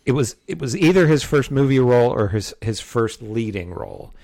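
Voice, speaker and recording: A man's voice: mid-range voice, lively intonation, normal speed, a little mellow. A man co-hosting a casual film review podcast, talking loosely with frequent restarts and hedges. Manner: rambling, many restarts and hedges. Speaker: podcast co-host.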